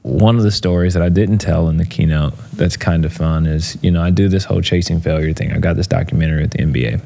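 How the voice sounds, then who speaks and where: This is a quick-paced man with a low voice and vocal fry. He speaks as a motivational speaker in an interview, spinning casual stories with lots of fillers and lively impressions of what people told him.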